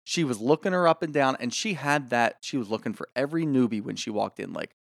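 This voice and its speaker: A man co-hosting a casual podcast chat, opinionated and animated, swearing freely. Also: a little high, fast talker, gravelly, hardly any pauses, no echo, clean studio sound. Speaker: podcast co-host.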